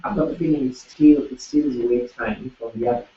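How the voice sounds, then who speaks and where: A man taking a guitar lesson, explaining his problem in halting, hesitant phrases. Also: mid-range voice. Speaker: guitar student. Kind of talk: casual chat in a lesson. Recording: roomy, distant, dull lo-fi sound with loud guitar.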